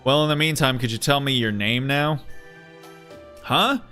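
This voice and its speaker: A man's voice: mid-range voice, a little slow, sharp tone, soft background music. A man voicing a friendly, talkative young male hero in a voiced game playthrough. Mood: easygoing.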